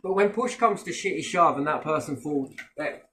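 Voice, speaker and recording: A man's voice: on the high side, animated, normal speed, a bit bright. A man telling stories in casual chat, blunt and full of swearing, acting out what others said. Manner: blunt, heavy swearing, acts out quoted voices. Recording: echoey room.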